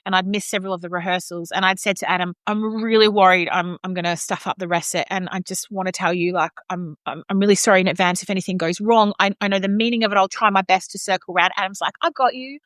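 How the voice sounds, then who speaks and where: Animated woman spinning backstage tales. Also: fairly low pitch, fast talker, hardly any pauses, no room sound. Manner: animated storyteller who acts out quotes and laughs often. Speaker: opera singer sharing stories. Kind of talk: casual chat.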